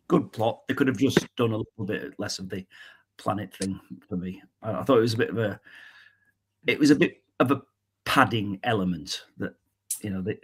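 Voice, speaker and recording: Husky-voiced man chatting casually. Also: on the low side. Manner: chatty, halting, laughs often. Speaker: podcast panelist. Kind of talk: casual chat.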